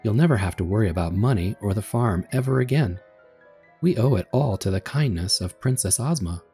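A man's voice: on the low side, animated, fairly quick, mellow, husky, soft background music, heavily acted. A man voicing a cheerful, reassuring young girl in a read-aloud story.

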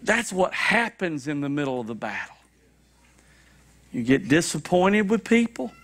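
A man preaching a sermon, animated and repetitive, with shouted high-pitched acted quotes, in a church. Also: unhurried. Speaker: pastor. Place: church sanctuary.

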